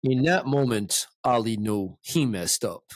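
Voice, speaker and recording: A man's voice: mid-range voice, unhurried, dry recording, clean studio sound. A man hosting a podcast, casually telling a long story and acting out the voices of the people in it. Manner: animated, acts out dialogue in his retelling. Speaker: podcast host.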